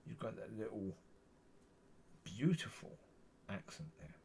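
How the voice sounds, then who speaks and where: Man, low and gravelly, husky tone, lively pitch swings, meandering faith vlog monologue. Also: a little slow, slight background noise. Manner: meandering, repeats himself, frequent self-corrections. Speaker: Christian vlogger. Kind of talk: rambling personal testimony.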